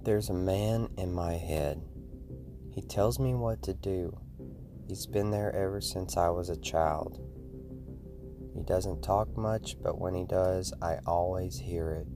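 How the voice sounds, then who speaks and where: A man with a very deep voice slowly reads aloud a scripted horror story told in the first person. His delivery stays steady, with music playing steadily behind him.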